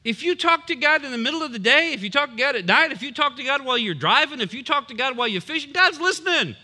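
A man's voice: very high voice, lively intonation, fast talker, sharp tone. A man preaching a sermon as a pastor, emphatic and punchy, with humorous asides.

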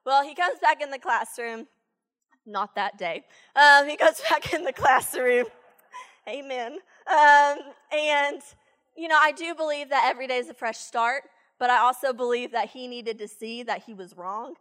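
A woman preaching a sermon, telling a story from her teaching days in an animated, chatty way with many fillers. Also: high-pitched, moderate pace, big-room sound. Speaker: church speaker, former teacher.

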